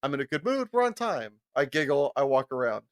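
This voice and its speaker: A young man co-hosting a podcast, telling a long, profane, animated story and often breaking into laughter. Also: mid-range voice, fairly quick. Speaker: podcast co-host. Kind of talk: casual storytelling chat.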